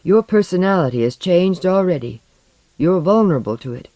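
A composed woman coordinator who speaks softly but firmly, as a narrator voices her. Her lines are read close and dry, plain and level. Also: on the low side, lively intonation, moderate pace, no echo, natural voice. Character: calm, firm woman team coordinator.

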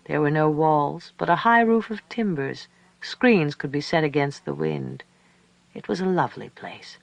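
A man narrating a story aloud in a calm, measured, reflective way. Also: mid-range voice, vocal fry, no echo. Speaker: audiobook narrator. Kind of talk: scripted narration.

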